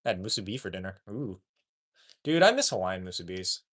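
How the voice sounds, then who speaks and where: Lively, swearing male streamer. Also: low-pitched, brisk. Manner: profane, animated, joking. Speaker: live streamer. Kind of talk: casual live-stream chat.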